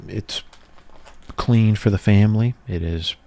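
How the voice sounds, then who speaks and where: Speaking a little slowly with some vocal fry, a deep-voiced ASMR creator in his thirties rambles in a soft, easygoing, nostalgic way. There's slight background noise.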